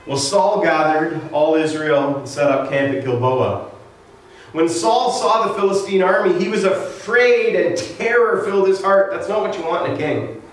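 A man's voice: fairly high pitch, animated, normal speed. A man preaching a casual sermon, retelling scripture with humorous asides. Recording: echoey room, distant mic.

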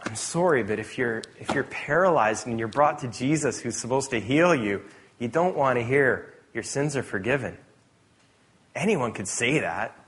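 Male preacher, mid pitch, lively delivery, chatty asides, self-corrections. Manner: animated, conversational, self-correcting with quick asides. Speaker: pastor. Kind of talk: sermon.

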